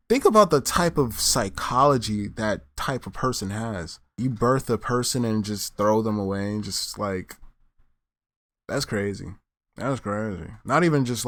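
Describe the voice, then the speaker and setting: A man's voice: medium pitch, a bit bright, dry recording. A man reacting to a clip in loose, slangy, rambling commentary. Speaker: reaction host. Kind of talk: casual commentary.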